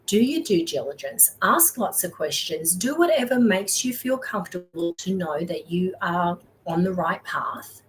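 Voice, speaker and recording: A woman gives a live motivational talk with a faint hiss underneath. Her voice sits low for a woman. She coaches with encouragement and keeps checking in with her listeners. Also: very animated, measured pace, hardly any pauses, poor audio. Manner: encouraging, repeats "okay?" and "all right?". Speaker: wealth mindset coach and host.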